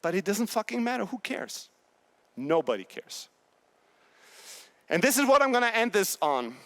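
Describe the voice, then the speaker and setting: A man in his thirties giving a blunt, profane, high-energy motivational talk on a conference stage. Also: big pitch swings, normal speed, fairly bright tone. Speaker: keynote speaker.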